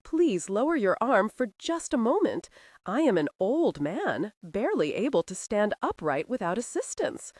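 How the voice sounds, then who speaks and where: A woman's voice: medium pitch, sing-song, moderate pace, a little mellow, no echo, voice pushed up. Woman putting on a fussy ancient butler guy, prim and scolding, voice swoops a lot, dry close sound. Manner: prim, reproachful, formal.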